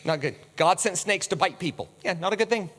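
A man preaching a sermon with slides, animated, who acts out the voices he quotes with big swings. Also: high voice, fairly quick. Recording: long hall reverb.

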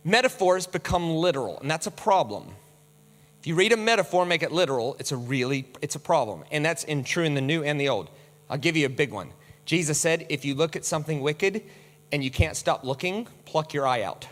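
A man preaching a sermon with slides, animated, who acts out the voices he quotes with big swings. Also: a little high, a little fast. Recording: long hall reverb.

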